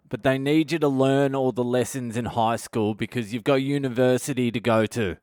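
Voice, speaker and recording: A man's voice: mid-range voice, fairly even intonation, normal speed, hardly any pauses, darkish tone, clean tone, dry recording, clean studio sound. A man delivering a profane, sarcastic comedic rant as a podcast host.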